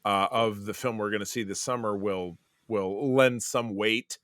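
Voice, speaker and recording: Male podcast co-host, casual chat, lively delivery with frequent fillers, dry close sound. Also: lowish voice, measured pace, no echo. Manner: animated, trails off with fillers.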